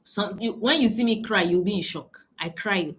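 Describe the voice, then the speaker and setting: A woman business coach delivers a motivational talk at medium pitch and normal speed, speaking emphatically, repeating phrases for stress and addressing her audience as ladies and gentlemen.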